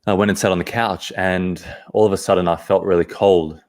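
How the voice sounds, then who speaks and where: A man, a podcast guest, telling a personal story in an earnest, halting way, often restarting his phrases. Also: sits low, fairly even intonation.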